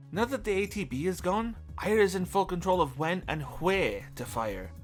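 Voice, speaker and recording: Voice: mid-range voice, a bit bright. A video game reviewer reading a scripted review voice-over with dry, wry humor. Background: faint game music.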